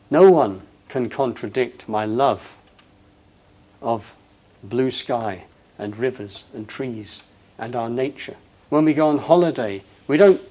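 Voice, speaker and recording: A man giving a passionate, emphatic talk to an audience, his voice rising loud on quoted lines. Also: mid-range voice. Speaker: speaker.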